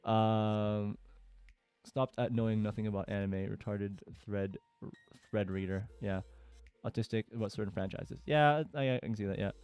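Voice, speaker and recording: A man's voice: lowish voice, steady tone, moderate pace, a little mellow, smooth, no room sound, highs cut off. A man casually reading forum posts aloud and commenting, with lots of fillers and chuckles. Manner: chatty, with frequent fillers and laughter.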